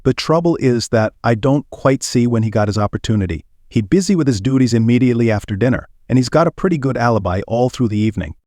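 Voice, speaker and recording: A man voicing a brisk, practical male police inspector asking businesslike questions. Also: mid-range voice, animated, a little mellow, no echo, studio quality, close to an everyday voice.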